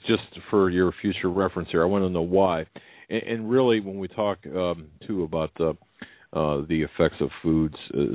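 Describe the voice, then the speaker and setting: A man co-hosting a talk radio show, speaking haltingly with many pauses and restarts. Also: sits low, no room sound. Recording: phone-like radio broadcast audio.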